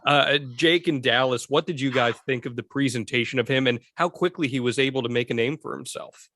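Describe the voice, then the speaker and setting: Measured co-host posing questions; dry, close recording. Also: male voice, medium pitch, pushed and bright, no echo. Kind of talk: podcast interviewing.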